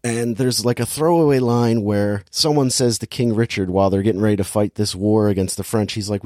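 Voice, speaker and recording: A man's voice: on the low side, brisk, hardly any pauses, a little mellow, no echo, studio quality. A man hosting a casual movie-review chat, talking in a sardonic, rambling, exasperated way.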